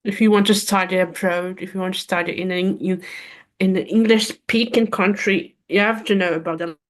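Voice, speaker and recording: A woman with a mid-pitched voice joins a casual online chat. She talks hesitantly and often restarts her sentences. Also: steady tone, normal speed. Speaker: chat participant.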